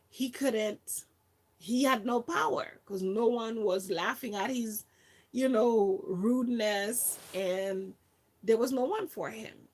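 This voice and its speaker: A woman volunteer telling a personal story in a casual, chatty way, with lots of fillers. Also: on the high side. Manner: chatty, many fillers, acts out quotes.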